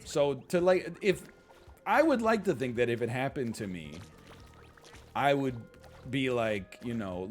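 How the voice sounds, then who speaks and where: A man's voice: medium pitch, unhurried, faint music behind. A man reading out a post and then rambling through casual reaction commentary, full of fillers and asides. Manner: animated, rambling, frequent fillers and laughs.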